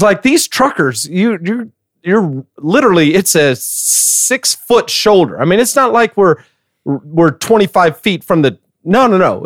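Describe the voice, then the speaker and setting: A middle-aged man spins a story for his podcast co-hosts, his voice sitting a little on the high side. He talks in a casual, animated way and laughs often as he tells it. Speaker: podcast co-host.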